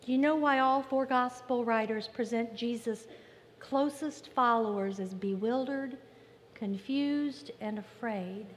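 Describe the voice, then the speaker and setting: A woman pastor preaching a sermon in an emphatic style, repeating phrases and pausing for effect. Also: a little high. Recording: long reverb with faint ambient noise.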